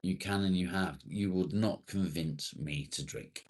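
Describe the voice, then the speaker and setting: A man's voice: low voice, unhurried. A man from England hosting a casual livestream, reading and answering chat comments bluntly and swearing freely. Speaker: livestream host.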